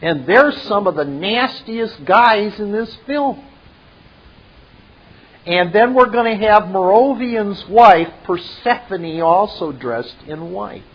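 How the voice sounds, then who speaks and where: A man slowly retelling a film scene and adding his own commentary. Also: high-pitched, animated, slightly rough. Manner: slow, deliberate. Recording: dull lo-fi recording.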